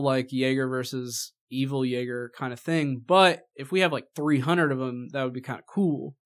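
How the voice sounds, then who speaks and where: A man in casual chat reviewing a movie, mocking and animated, swearing freely. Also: medium pitch, moderate pace, hardly any pauses.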